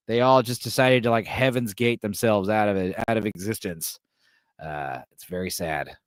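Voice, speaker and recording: A man's voice: lowish voice, normal speed, smooth, dry recording, clean studio sound. A man hosting a podcast, retelling a film's plot in a casual, irreverent, joking way. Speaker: podcast host. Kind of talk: casual film recap.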